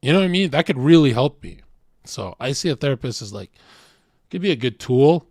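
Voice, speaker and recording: A man's voice: mid-range voice, animated, a little fast, a little mellow, no room sound, studio quality. A man hosting a podcast, telling stories bluntly and swearing freely. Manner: blunt, profane storyteller. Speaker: podcast host. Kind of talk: casual podcast chat.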